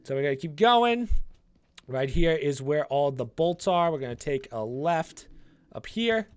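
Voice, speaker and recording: A man's voice: on the high side, expressive, a little slow, smooth. Chatty man explaining a game walkthrough. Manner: chatty, explains step by step with fillers. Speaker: gaming channel host. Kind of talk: casual gameplay walkthrough commentary.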